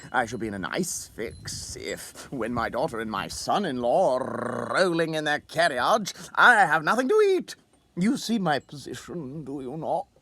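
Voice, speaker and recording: A man's voice: mid-range voice, sing-song, measured pace, creaky, pushed and bright, breathy edge, full character voice. A man voicing an anxious, eager old male clerk who once served as a soldier, pleading and stammering in a raised voice. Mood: insistent.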